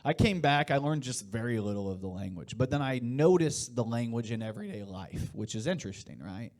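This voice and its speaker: A man's voice: medium pitch, lively intonation, a little fast, a little mellow. A man in his late thirties from Indiana doing a loose, rambling stand-up set with crowd work and laughs between lines. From Indiana, USA. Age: 30s. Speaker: stand-up comedian. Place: live comedy show before an audience.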